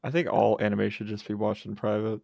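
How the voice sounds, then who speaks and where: A man's voice: on the low side, little pitch movement, fairly quick, vocal fry, a little mellow, no room sound. A man chatting casually on a podcast, often repeating words as he starts a sentence. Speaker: podcast guest. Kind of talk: casual chat.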